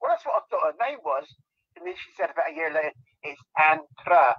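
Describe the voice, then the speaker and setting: Husky man telling rambling stories. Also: on the high side, big pitch swings, racing, highs cut off. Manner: rambling anecdotes, giggling. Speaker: guest, celebrity lookalike. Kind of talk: casual interview chat.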